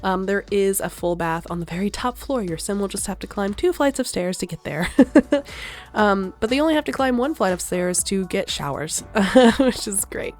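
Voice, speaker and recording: A woman's voice: medium pitch, expressive, normal speed, a little mellow. A young woman chatting casually over gameplay footage, rambling, trailing off and laughing often as she talks through what she made. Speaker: gaming vlogger.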